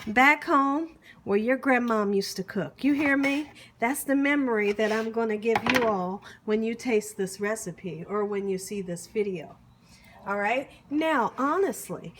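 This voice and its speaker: A woman's voice: fairly high pitch, slight background noise. A woman hosting a home cooking demonstration in her kitchen, chatty and encouraging, often checking in with her viewers. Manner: chatty, encouraging, asks "you hear me?" often. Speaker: cooking show host.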